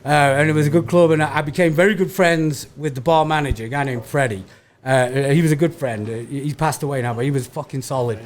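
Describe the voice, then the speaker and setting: A man's voice: a little high, quick pace, slight background noise. A man from England with a Manchester accent, a comedian guest telling blunt, profane stories in casual podcast chat. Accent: Manchester English.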